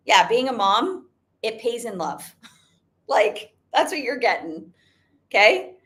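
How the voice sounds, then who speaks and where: A woman's voice: a little high, big pitch swings, slow, long pauses, fairly bright tone. A young adult woman giving an emphatic motivational talk, repeating her points and using "like" often. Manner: emphatic, repetitive, frequent "like". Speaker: network marketing business owner.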